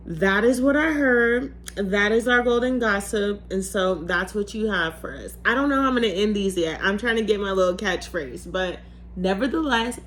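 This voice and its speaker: A young adult woman vlogging a casual storytime monologue, emphatic and animated, with frequent laughs and the odd curse. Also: medium pitch, slight background noise. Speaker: vlogger sharing a testimony.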